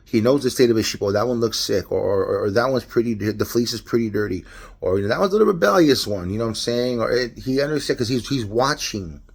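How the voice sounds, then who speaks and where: Gravelly casual man with a Los Angeles accent. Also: medium pitch, lively intonation, quick pace. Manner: casual, rambling, self-correcting, laughs often. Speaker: lay devotional speaker. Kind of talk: unscripted devotional talk.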